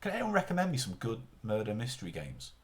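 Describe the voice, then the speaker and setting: Rambling man with a lively low voice. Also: quick pace. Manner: rambling and self-interrupting. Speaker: streamer. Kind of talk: casual live-stream chat.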